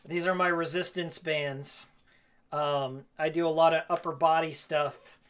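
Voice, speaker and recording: A man live-streaming casually while he cleans his game room, hoarse and losing his voice, jokey and rambling, repeating his own lines. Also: a little high, steady tone, measured pace, a bit bright. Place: game room at home, indoors.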